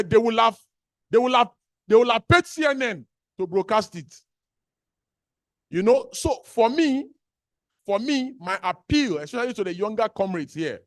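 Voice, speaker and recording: A man's voice: high voice, dry recording, studio quality. A man with a Nigerian accent giving an impassioned public speech as an activist, repeating phrases for emphasis. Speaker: activist speaker at a birthday gathering.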